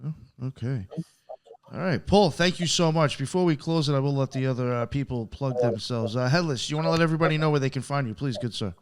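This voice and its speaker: A man with a mid-range voice hosts a podcast over a video call. He is brisk and courteous, handing the floor to each guest in turn. He keeps things moving toward the close. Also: medium pitch, clean tone. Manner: brisk, polite, directing turns. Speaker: podcast host. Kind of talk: wrapping up a podcast.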